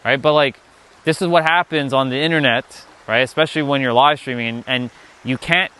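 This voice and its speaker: A man's voice: medium pitch, a little fast, pushed and bright, clear, resonant tone. A young man giving a casual live-stream talk as a spiritual teacher, rambling and restarting his sentences often.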